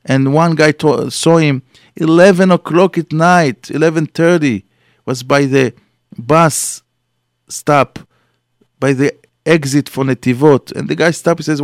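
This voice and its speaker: Rabbi giving an animated class. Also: male voice, on the high side, unhurried, no room sound, studio quality. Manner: animated storytelling with acted quotes, non-native English grammar. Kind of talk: Torah class.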